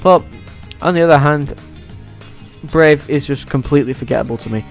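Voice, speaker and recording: A man ranking movies in a casual vlog, excitable and swearing freely. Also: a little high, normal speed, soft background music. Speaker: YouTuber.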